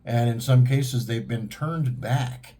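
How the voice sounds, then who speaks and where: A man's voice: mid-range voice, takes it slowly, mellow. A man delivering a heated, profane monologue in a blunt, ranting manner. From United States. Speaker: vlogger. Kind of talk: monologue to camera.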